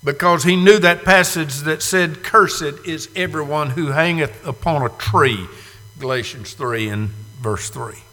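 High-voiced older preacher in a reverberant hall. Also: male voice, unhurried. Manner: dramatic, swings from hushed to loud cries. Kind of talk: sermon.

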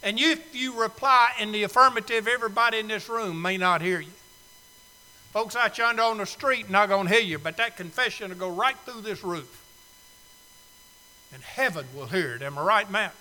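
A male preacher giving a sermon invitation in a church, pleading and swinging from loud urging to soft, hushed appeals. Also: high-pitched, normal speed, in a large hall, poor audio. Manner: pleading, swells loud then drops soft. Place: church sanctuary.

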